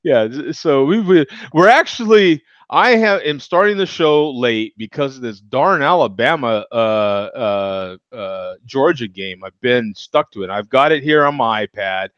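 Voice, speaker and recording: A man's voice: medium pitch, animated, measured pace, few pauses, a bit bright, no echo, dull audio. A man hosting a casual beer chat show, talking loosely and chuckling as he rambles. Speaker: host.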